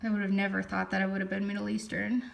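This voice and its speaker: Young woman, casual vlog chat, thinking aloud, slight vocal fry, mid pitch. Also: monotone, fast talker. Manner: chatty, thinking aloud while reading results. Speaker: vlogger.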